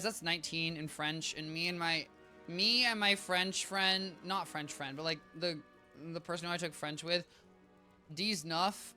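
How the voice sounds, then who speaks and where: A man on a live stream chats to his viewers while playing, rambling and cutting himself off mid-sentence. His voice is bright and a little high, though he sounds somewhat tired and low on energy. Faint game music plays behind him. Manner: rambling, self-interrupting, chatty with viewers. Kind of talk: casual live-stream gameplay chat.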